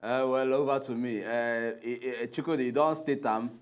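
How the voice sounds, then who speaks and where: A man's voice: medium pitch, steady tone, moderate pace. A man with a Nigerian Pidgin accent co-hosting a TV political debate, hesitant and full of fillers, pleading and indignant. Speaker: TV talk show co-host.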